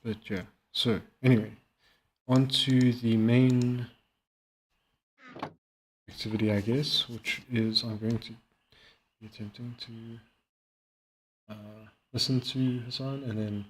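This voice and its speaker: A man chatting casually while playing a game and reacting to a video, rambling and halting with many fillers. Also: medium pitch, fairly even intonation, a little hiss or hum. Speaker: streamer. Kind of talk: casual gaming commentary.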